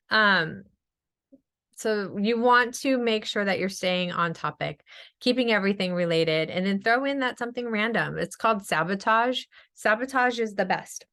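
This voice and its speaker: A middle-aged woman, a speech-language pathologist, giving an energetic webinar talk on a video call. She talks quickly and chattily with many fillers. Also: medium pitch. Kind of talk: webinar presentation.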